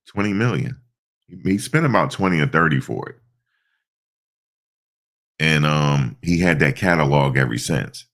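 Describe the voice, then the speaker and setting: A man's voice: very deep voice, a bit bright. A stuffed-up man hosting a casual live stream, rambling through stories with lots of fillers. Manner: rambling storytelling with many fillers.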